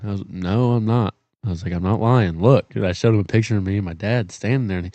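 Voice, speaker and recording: A man's voice: on the low side, expressive, brisk, darkish tone, no room sound. A young man on a podcast who tells stories animatedly, acting out quotes and repeating himself. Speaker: podcast guest. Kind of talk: casual storytelling chat.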